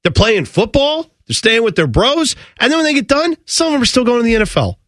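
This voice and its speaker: Animated sports radio co-host, man. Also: very high voice, fast, no echo, studio quality. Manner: animated, sarcastic. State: has a cold. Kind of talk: casual sports talk radio banter. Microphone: studio mic.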